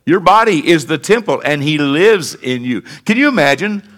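Animated, bright-voiced male pastor preaching. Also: fairly high pitch, normal speed. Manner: conversational preaching, rising to emphatic declarations. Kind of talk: sermon.

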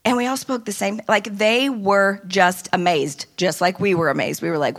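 A woman casually telling a lively story about a conference trip, often quoting people in animated voices. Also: mid-range voice, normal speed, few pauses. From United States. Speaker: speaker recounting a women's conference trip.

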